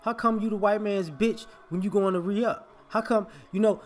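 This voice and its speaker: A man's voice: high-pitched, fairly quick, few pauses, faint music behind. A man, delivering an emphatic, confrontational opinion monologue as a vlogger.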